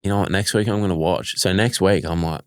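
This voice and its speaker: A man's voice: low-pitched, fast, clean tone, no echo, studio quality. A young Australian man, a professional punter, telling stories in an easygoing way as an interview guest. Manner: relaxed storytelling, easygoing. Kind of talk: casual interview chat.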